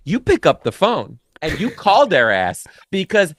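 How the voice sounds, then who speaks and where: A former teacher, a man guesting on a casual podcast, emphatic and profane, jumping high in pitch when he quotes himself. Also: wildly swooping pitch, unhurried, a bit bright, dry recording, clean studio sound. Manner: emphatic, swears freely, big pitch jumps when quoting.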